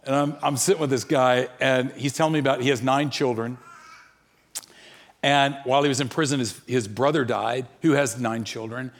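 A man preaching a sermon, telling stories and acting out the quoted dialogue. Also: mid-range voice. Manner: animated, acts out quoted dialogue. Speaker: pastor. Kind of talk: sermon storytelling.

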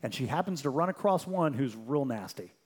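A young adult man preaching a sermon as a pastor, moving between lively, quick storytelling and quiet, slow, emphatic passages. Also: medium pitch.

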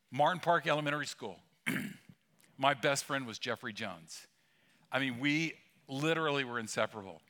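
Bright-voiced man preaching with humor. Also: mid-range voice. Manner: conversational storytelling with humor. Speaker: pastor. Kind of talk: sermon. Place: church sanctuary.

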